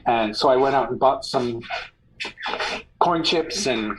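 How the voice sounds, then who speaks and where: A man talks casually over a call, weighing his opinions carefully. He speaks with hesitant restarts and an analytical bent. His voice sits at a plain middle pitch for a man. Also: takes it slowly, a little hiss or hum, poor audio. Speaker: guest on a call. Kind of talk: casual chat.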